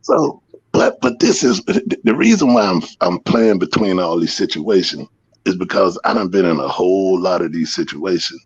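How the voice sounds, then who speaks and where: A man's voice: low-pitched, lively intonation, moderate pace. A man telling rambling, profane stories on a podcast and acting out what people said. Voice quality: gravelly, husky. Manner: profane, rambling, re-enacting quotes. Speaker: podcast storyteller. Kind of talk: casual storytelling. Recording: muffled dry sound.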